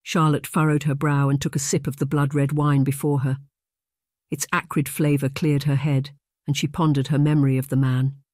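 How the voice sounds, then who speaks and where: An audiobook narrator reading a historical romance in steady, measured scripted narration. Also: medium pitch, no echo, clean studio sound.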